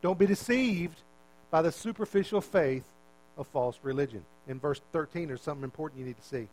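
Male preacher, high-pitched, casual sermon delivery with questions to the congregation. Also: brisk, a little mellow, rough recording. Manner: conversational, repeats words, asks the listeners questions.

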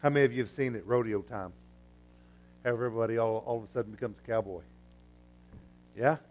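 A man preaching a sermon, telling a story and acting out the voices in it, swinging from hushed to loud. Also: medium pitch, fast, faint music behind. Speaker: pastor.

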